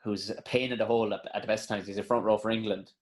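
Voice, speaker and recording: A man's voice: on the low side, steady tone, fast. An Irish man, a comedian guest, chatting casually on a podcast, telling stories full of swearing. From Ireland. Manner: swearing, storytelling, acts out quotes.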